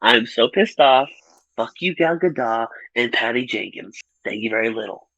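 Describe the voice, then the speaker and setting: A young man talking in a casual film review chat, ranting with plenty of swearing and laughter. His voice jumps around a lot in pitch, and the close microphone sounds dry. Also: moderate pace, no room sound, highs cut off. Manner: profane, ranting, laughing, animated retellings. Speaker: podcast co-host.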